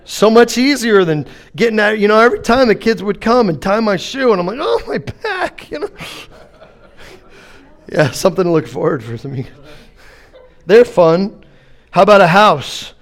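A man's voice: high voice, lively intonation, a little fast. A middle-aged man preaching a sermon, telling funny family stories and acting out the exchanges before turning to call-and-response preaching. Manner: humorous storytelling, acts out exchanges. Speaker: pastor.

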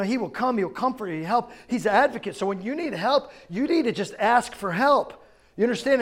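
A man preaching a sermon in a conversational way, often asking the congregation whether they understand. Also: sits high. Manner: conversational preaching, asks the crowd questions. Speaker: pastor.

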